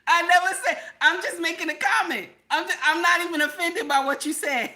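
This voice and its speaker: A woman's voice: extremely high pitch, brisk, noisy background. A woman vlogger chatting casually on a live stream, repeating herself and talking straight to her chat viewers. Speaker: vlogger reacting to videos and chat.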